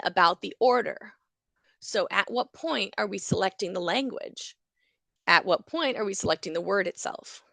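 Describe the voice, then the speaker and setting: With a mid-range, gravelly and creaky voice, a native English-speaking woman gives a lively university lecture on psychology. She acts out small examples while explaining. The recording is dry and close, with no room in it.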